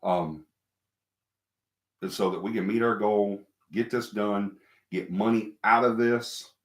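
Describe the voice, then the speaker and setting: A deep-voiced man from the American South who hosts a live stream. He chats with viewers in a rambling, emphatic way and keeps repeating his points. His voice rings in an echoey room. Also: steady tone, takes it slowly. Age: middle-aged or older. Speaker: host of a paranormal live stream.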